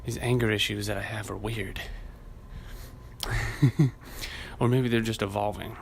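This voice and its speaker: A man's voice: fairly low pitch, steady tone, measured pace, vocal fry, slight background noise. Rambling, profane man on a solo podcast. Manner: profane, rambling, laughs at himself. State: hot and sweaty. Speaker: podcast host. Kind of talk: casual solo podcast rant.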